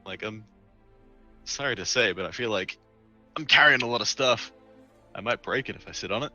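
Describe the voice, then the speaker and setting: A man's voice: fairly low pitch, moderate pace, bright, forceful tone, faint music behind, low-quality recording. A man playing a tabletop game, talking in a jokey, casual way with some swearing. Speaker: player.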